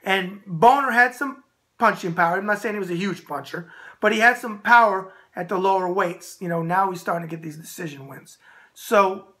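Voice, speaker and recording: Brash, bright-voiced male boxing host. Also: high-pitched, normal speed. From Michigan. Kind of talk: boxing opinion mailbag show. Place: at home.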